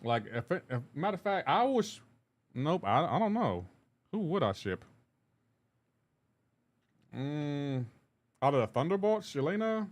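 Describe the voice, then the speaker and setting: A man live streams a game, his voice on the high side, sing-song and a little slow, with long pauses. Laid-back, he reads viewers' messages aloud and answers them while playing, rambling with frequent restarts and asides about the gameplay.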